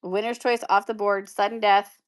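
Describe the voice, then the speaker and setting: A woman's voice: medium pitch, level tone, moderate pace, clear, resonant tone. A woman hosting a live-stream pin auction, chatting casually and upbeat with viewers and laughing often. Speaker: live shopping seller.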